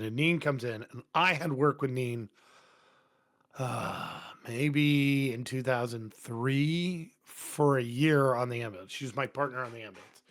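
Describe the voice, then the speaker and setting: A man, a firefighter, telling long stories in blunt casual talk full of swearing, voicing the people in them. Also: mid-range voice. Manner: profane, blunt and animated. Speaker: podcast guest, firefighter. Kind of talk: casual storytelling. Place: podcast studio.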